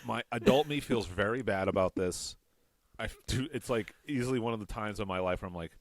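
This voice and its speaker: A man's voice: on the low side, brisk, dry recording. A man hosting a comedy podcast, telling a rambling, self-mocking story in casual chat. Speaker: podcast host.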